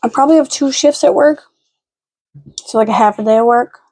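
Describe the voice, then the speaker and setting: A young woman vlogger with a slightly high, slightly mellow voice talks fairly quickly in a late-night home vlog. Frazzled and chatty, she rambles casually and coos baby talk at her dogs in between.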